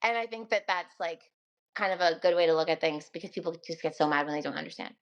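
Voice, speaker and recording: A woman's voice: low voice, fairly even intonation, quick pace, dull audio. A young woman, a radio host, talking casually and earnestly on a podcast. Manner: chatty, earnest, laughs often.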